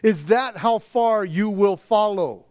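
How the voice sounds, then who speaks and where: A man's voice: sits high, slow pace, a little mellow. A man preaching a conversational sermon, earnest and casual, with stammering restarts, and often acting out the voices he quotes. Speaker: pastor.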